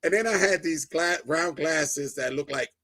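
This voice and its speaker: A middle-aged man giving a personal testimony as a guest, telling it in an animated way, acting out the dialogue and often checking in with "right?". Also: on the high side, normal speed. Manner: animated storyteller, keeps adding "right?"; acts out quoted dialogue.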